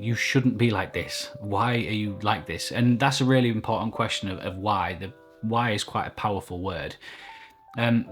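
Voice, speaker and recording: Man, low-pitched, candid vlog, reflective, self-critical, home recording, faint music bed. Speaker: vlogger. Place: indoors at home, upstairs. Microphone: camera mic at desk.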